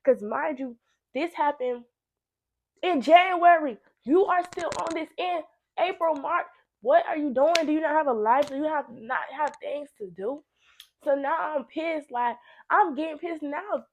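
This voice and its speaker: A young woman telling a messy personal story to camera, animated and blunt, swearing freely and repeating phrases for emphasis. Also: sits high, a little slow, slight background noise. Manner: animated, blunt and heavily profane, with laughing asides. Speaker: storytime vlogger. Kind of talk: casual storytime monologue.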